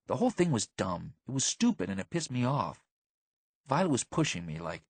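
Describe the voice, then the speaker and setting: Man narrator, husky, dry close sound, slangy and deadpan. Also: low voice, fairly quick, no echo. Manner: casual teen slang, flat and deadpan. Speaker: audiobook narrator. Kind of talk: first-person audiobook narration.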